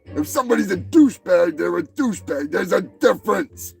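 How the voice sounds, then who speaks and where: A man with a high, gravelly voice tears into people in a crude, profane comedy rant. He talks in a loose, mocking way and breaks into shouting when he gets worked up. Soft music runs faintly behind him. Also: expressive, a little fast. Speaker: podcast host.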